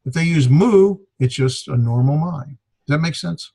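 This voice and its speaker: A man teaching a Greek grammar class, explaining in a halting way with many fillers. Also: on the high side, gravelly, mellow, slightly rough. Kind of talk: classroom lecture.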